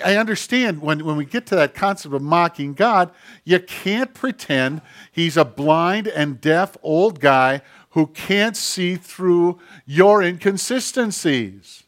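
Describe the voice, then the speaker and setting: A pastor delivering a sermon in an emphatic, direct way. His voice sits a little high for a man. He slips into quiet, muttered voices when quoting people. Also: animated, slow pace. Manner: emphatic, acts out quoted voices in hushed tones.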